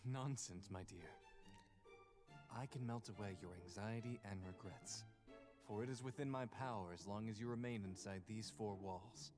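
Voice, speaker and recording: A man's voice: fairly low pitch, normal speed, lightly acted. A man voicing a gallant ghost lord. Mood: courtly. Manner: formal, old-fashioned and tender. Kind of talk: visual novel voice acting. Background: music.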